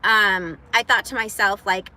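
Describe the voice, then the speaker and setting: A woman talking live to her viewers in a halting, emotional way, close to tears and apologizing as she goes. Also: medium pitch, bright, forceful tone, low-quality recording. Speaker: vlogger, single mom. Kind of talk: emotional live-stream talk.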